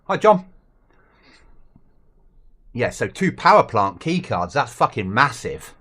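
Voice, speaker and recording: A man's voice: mid-range voice, sing-song, moderate pace, pushed and bright. A man chatting casually and swearing while livestreaming a survival game with friends. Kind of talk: casual gaming chat.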